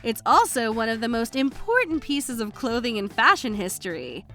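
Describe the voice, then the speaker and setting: Female countdown narrator, bright high voice with lots of movement. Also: sing-song, normal speed, faint music behind. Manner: upbeat, emphatic voice-over. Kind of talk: scripted narration.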